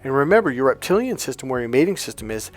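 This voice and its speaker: Over faint background music, a middle-aged dating coach speaks fast in a sing-song, mid-range voice. His casual advice monologue unfolds as a story told in a blunt, emphatic, profane style.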